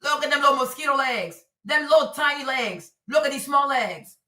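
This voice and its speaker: Her high-pitched voice comes through roomy echo, slightly off-mic and far away, as she livestreams at a normal pace. She's animated, repeats herself, and speaks straight to her viewers.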